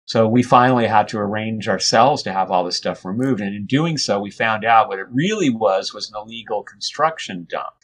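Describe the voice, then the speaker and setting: A man as an interview guest, telling a story in a relaxed, rambling way with frequent restarts and fillers. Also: on the low side, brisk, few pauses. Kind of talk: conversational storytelling.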